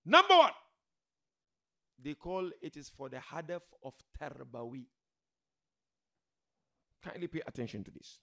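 A man preaching a religious sermon to a seated gathering, emphatic, swinging from loud declarations to quiet murmurs and addressing the listeners directly. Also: mid-range voice, gravelly, husky. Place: gathering hall with a seated audience.

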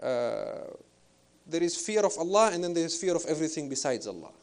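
A man giving an Islamic spiritual lecture in a measured, reflective way, pausing with fillers as he thinks. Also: a little high, big pitch swings. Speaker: Islamic preacher.

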